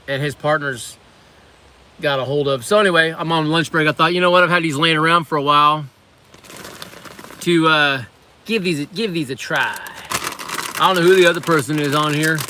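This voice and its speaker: A man's voice: a little high, sharp tone, slight background noise. A middle-aged man casually chatting on a livestream, rambling as he reviews snacks and reads out viewer comments. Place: on lunch break at a waterfront work site.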